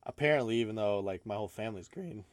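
A young man talks in a loose, joking podcast chat, his voice sitting a little low. He laughs often and stumbles into restarts. The sound is close and dry, with no room around it. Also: quick pace, no room sound. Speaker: podcast co-host. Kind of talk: casual chat.

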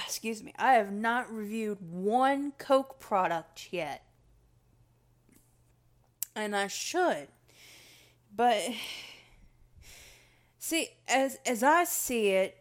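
A woman reviewing sodas in a rambling, self-correcting casual monologue, her words a little slurred. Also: medium pitch. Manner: rambling, restarts often, talks to herself; slightly slurred. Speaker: soda review vlogger.

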